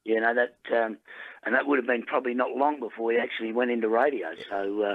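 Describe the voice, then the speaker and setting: A man calling in to a radio show, talking in a relaxed way with many fillers. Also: mid-range voice, fast talker. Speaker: caller, former coach. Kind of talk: phone-in chat. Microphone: telephone. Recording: dull phone line.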